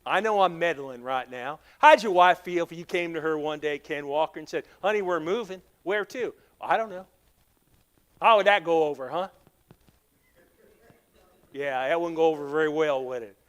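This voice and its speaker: High, smooth-voiced Southern pastor preaching. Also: male voice, moderate pace, a bit bright. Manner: storytelling, acting out dialogue, teasing the congregation by name. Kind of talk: sermon. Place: church sanctuary.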